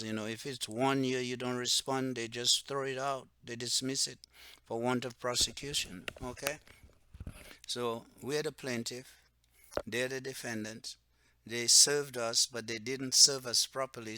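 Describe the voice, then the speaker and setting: Man with Patois roots, self-styled religious leader, off-the-cuff monologue; smooth, dry close-mic sound. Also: mid-range voice, pushed and bright, dry recording. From Dominica. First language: Antillean Creole (Patois). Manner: rambling, repeats "okay?" and "right?", turns heated and slower when stressing points. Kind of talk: unscripted monologue to camera.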